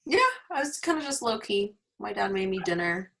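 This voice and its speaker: A woman's voice: medium pitch, animated, moderate pace, creaky. A woman in casual video call chat with her book club, rambling and searching for words.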